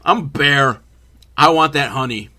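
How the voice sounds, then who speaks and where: A man's voice: a little high, measured pace, bright, forceful tone. A man voicing a dim, greedy male cartoon bear who blusters eagerly and swears.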